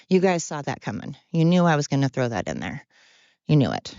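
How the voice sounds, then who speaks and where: Woman podcast host, low voice, blunt rambling monologue, dull dry recording. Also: sing-song, brisk, vocal fry, warm tone, no room sound. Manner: rambling, blunt and self-deprecating. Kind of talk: candid monologue.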